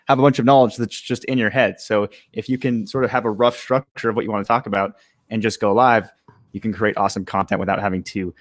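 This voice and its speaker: A young man with a fairly low voice speaks on a live-stream interview. He talks loosely, full of ums and restarts, and the sound is close and dry. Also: no room sound. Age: young adult. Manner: relaxed, many fillers and restarts. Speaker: guest, startup co-founder.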